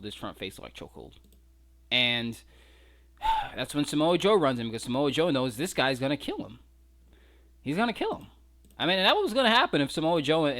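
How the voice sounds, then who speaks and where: A man's voice: medium pitch, bright, forceful tone. A man giving a casual, incredulous breakdown of fight footage, mocking and swearing freely. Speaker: wrestling commentary vlogger.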